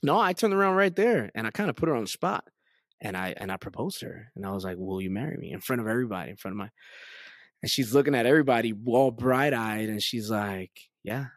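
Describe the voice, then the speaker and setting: Speaking fast in a medium-pitched voice, a man in his thirties recounts his life story as a guest giving testimony in a casual interview. He's chatty, uses many fillers and brings quoted dialogue to life. The studio-quality audio has no room sound.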